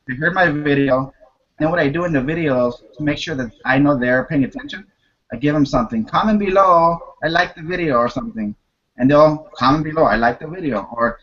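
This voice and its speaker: A man giving marketing tips in a casual group call, talking with energy and breaking into excited acted-out voices. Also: medium pitch, breathy edge. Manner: energetic, animated, jumps into excited put-on voices. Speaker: guest marketer. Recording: dull lo-fi audio.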